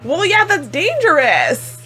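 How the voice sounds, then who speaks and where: A woman's voice: very high-pitched, slow. Chatty woman reacting to anime. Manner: chatty and expressive, heavy use of "like"; laughs often, exclaims at the screen. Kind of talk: casual reaction commentary.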